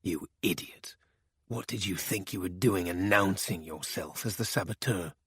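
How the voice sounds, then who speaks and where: A man voicing a ruthless spymaster who talks quietly and with cold contempt. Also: sits low, moderate pace, husky, no echo, clean studio sound, full character voice.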